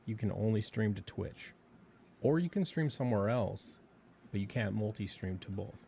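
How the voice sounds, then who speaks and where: A man's voice: lowish voice, animated, moderate pace, vocal fry, a crowd in the background. A man co-hosting a livestream, laid-back and casually explaining things. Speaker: co-host. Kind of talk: casual chat.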